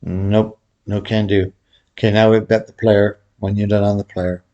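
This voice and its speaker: A middle-aged man walks through a lesson in a loose, chatty way. His voice sits on the low side, and he drifts off topic, laughing at himself. Some words carry a faint whistle from a cracked tooth. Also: level tone, moderate pace, warm tone, dull audio. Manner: rambling, jokey, laughs at himself. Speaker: baccarat instructor. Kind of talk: casual tutorial commentary.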